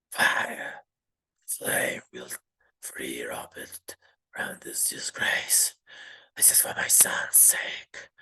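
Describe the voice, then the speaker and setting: A man's voice: low-pitched, breathy edge, voice pushed down, exaggerated voice, poor audio. A man whispering as a crazed old grandfather. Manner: hushed, hissing whisper, slow and fervent. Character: maddened old grandfather, zealous and menacing. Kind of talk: whispered role-play.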